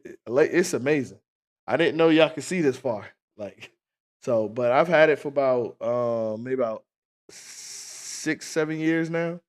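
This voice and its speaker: A man hosting a livestream, telling a casual, profane story to his chat and acting out the scenes as he goes. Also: medium pitch. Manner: animated, profane storyteller who acts out scenes. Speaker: livestream host.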